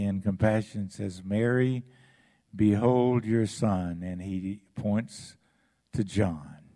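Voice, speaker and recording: A man preaching a sermon as pastor, with dramatic swings between loud passages and hushed ones. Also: fairly low pitch.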